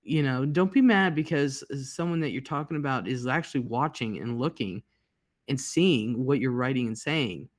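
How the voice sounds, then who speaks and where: A man hosting a livestream, talking calmly and reassuringly in casual chat. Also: mid-range voice. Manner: calm, reassuring, deliberate. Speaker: livestream host.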